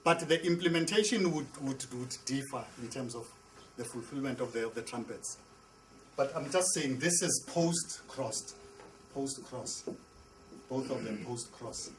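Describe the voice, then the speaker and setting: A man's voice: medium pitch, measured pace, a little hiss or hum, poor audio. A man, a pastor, teaching a Bible class. He repeats and restarts words and asks the class questions. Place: classroom with a board.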